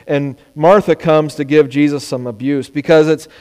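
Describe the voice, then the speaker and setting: A man preaching a sermon, animated, sometimes acting out the words of people he quotes. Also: fairly high pitch, moderate pace, smooth. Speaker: pastor. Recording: long hall reverb.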